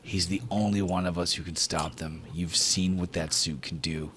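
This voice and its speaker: A man voicing a calm, steady man who holds his ground, speaking firmly in a tabletop game. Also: low voice, normal speed, slight background noise.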